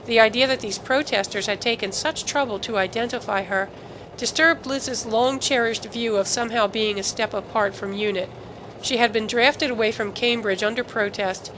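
A woman narrating a novel as an audiobook, with even, steady storytelling. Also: medium pitch, noisy background. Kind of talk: scripted narration.

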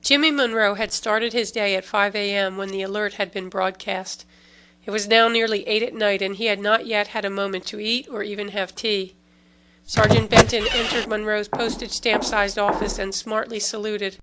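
A woman narrates a novel for an audiobook. Her voice sits at a middling pitch and her delivery is even and steady. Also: moderate pace, poor audio. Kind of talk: scripted narration.

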